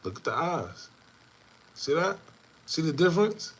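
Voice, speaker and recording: A man hosting an online commentary show, talking casually to viewers in a repetitive, animated way with laughing asides. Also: fairly high pitch, measured pace, husky. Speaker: show host.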